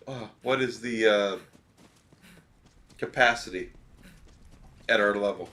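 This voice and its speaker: A man's voice: on the low side, unhurried, long pauses, pushed and bright. A man streaming a video game, giving rambling, opinionated advice with lots of fillers. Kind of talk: casual gameplay commentary.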